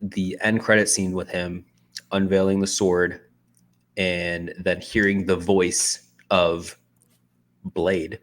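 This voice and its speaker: A man's voice: low voice, slight background noise. A man co-hosting a podcast, bluntly and sarcastically critiquing a movie with frequent ums. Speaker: podcast co-host. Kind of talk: casual podcast chat.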